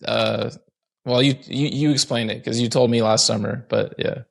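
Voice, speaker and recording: A male podcast host casually prompting a guest in a studio interview, relaxed and halting with fillers. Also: mid-range voice, vocal fry.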